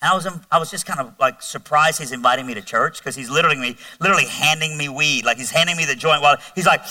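A man giving his testimony as a guest speaker in a large church, telling his story in an animated, conversational way with self-mocking humor. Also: a little high, fast talker, few pauses, no room sound, distant mic.

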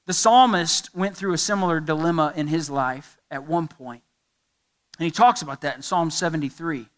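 A middle-aged man preaching a sermon as pastor, animated, with emphatic rising questions and sudden quiet drops. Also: a little high, moderate pace.

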